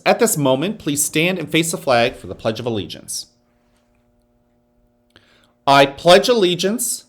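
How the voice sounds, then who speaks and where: A man speaking as a school principal, giving morning announcements to students and leading a guided breathing exercise in a slow, soothing way. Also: on the high side.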